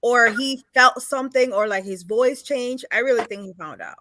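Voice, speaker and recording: A woman's voice: a little high, moderate pace, noisy background. A woman chatting on a call-in show, speaking hesitantly and trailing off mid-thought. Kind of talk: casual call-in show talk.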